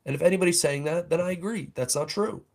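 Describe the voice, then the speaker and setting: A man's voice: fairly high pitch, fast, vocal fry. Angry young man ranting as host. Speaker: fan podcast host. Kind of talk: livestream rant.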